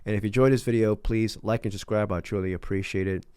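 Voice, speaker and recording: A man's voice: fairly low pitch, fairly even intonation, quick pace, a little mellow, smooth, dry recording. Mocking man doing casual commentary, dry sound. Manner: mocking, laid-back, many fillers and restarts. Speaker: commentary YouTuber.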